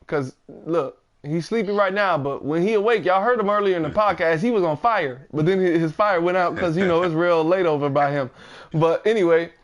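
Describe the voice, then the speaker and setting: A man's voice: high-pitched, brisk. A man hosting a casual gaming podcast, repeating himself and laughing as he wraps up with his guests. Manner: repeats words, laughs often, hypes guests. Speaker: podcast host.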